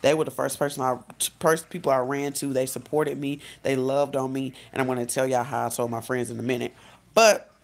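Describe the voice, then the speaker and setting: A woman vlogging as a life coach, talking straight to her viewers in a loose, chatty way. Her voice carries a gravelly fry. She keeps correcting herself and calling her audience "guys" and "y'all". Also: very deep voice, little pitch movement, a little fast. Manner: frequent "literally" and self-corrections. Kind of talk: casual vlog storytelling.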